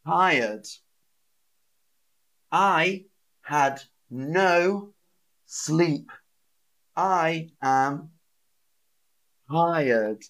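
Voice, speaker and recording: Very slow, lively English teacher man. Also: fairly high pitch. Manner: slow, exaggerated, repeats words and sentences for learners; acts out feelings with sighs, gasps and laughs. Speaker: English teacher on a live stream. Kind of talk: live-streamed English lesson for learners.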